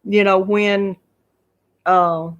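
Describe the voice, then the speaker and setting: A woman's voice: medium pitch, little pitch movement, drawn-out words, lo-fi sound. A grandmother in her fifties with a Southern US accent, chatting casually to viewers in a home live stream and laughing often. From Georgia, USA. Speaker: YouTube craft channel host.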